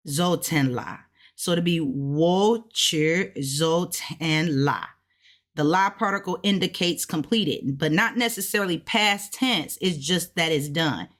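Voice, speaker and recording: A woman with a somewhat low voice walks through a casual lesson at an unhurried pace. She thinks aloud and repeats each word slowly to sound it out. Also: a bit bright. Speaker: language learner teaching what she studies. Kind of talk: casual self-taught language lesson.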